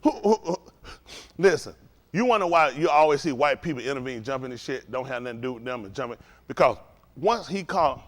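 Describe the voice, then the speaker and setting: A man's voice: on the high side, very animated, fast. A man teaching a religious study group in a fiery preaching style, profane and provocative, firing rhetorical questions at the room.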